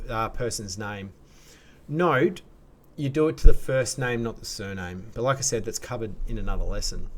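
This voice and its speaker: A man with an Australian accent, explaining grammar in a relaxed, chatty teaching style with fillers and restarts. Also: mid-range voice. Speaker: language teacher. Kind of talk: casual explanatory lesson.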